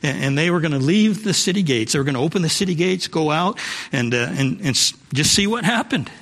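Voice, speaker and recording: A man's voice: a little high, expressive, brisk, fairly bright tone. A male pastor preaching a sermon, repeating his points and calling out to the congregation. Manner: preachy, repeats phrases for emphasis, calls to the congregation. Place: church sanctuary. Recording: long hall reverb.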